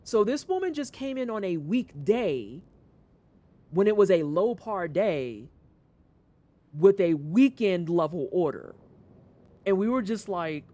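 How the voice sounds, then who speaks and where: A young adult livestreamer chatting casually to viewers, retelling a work story with animated swings and casual swearing. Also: mid-range voice, takes it slowly, long pauses, dry recording.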